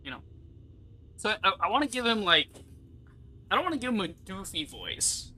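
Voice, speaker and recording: Excitable young American man, very bright voice. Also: high voice, normal speed, slight background noise, rough recording. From United States. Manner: excitable, rambling, swears casually. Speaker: let's play YouTuber. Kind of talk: casual gameplay commentary.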